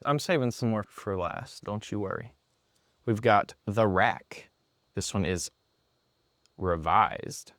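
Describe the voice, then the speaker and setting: A man presenting an app in a product demo, talking excitedly and a bit sarcastically in an indoor room. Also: fairly low pitch, slow, pauses often, no room sound, clean studio sound.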